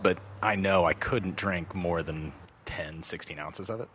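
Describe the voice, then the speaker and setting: A man chatting casually as a guest in a relaxed, jokey way. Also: low-pitched, a little slow, husky. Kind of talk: casual chat.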